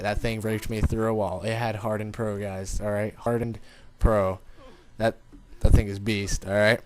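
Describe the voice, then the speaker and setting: A man with a fairly low voice talks through a game in casual commentary. He rambles in an informal way and speaks directly to his viewers. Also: clear, resonant tone. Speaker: gaming commentator.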